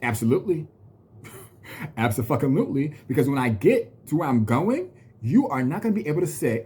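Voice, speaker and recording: Husky man ranting bluntly. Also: a little high, very animated, normal speed, mellow. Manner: blunt and profane, venting, slips into mocking quoted voices. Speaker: vlogger. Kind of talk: casual storytelling rant to camera.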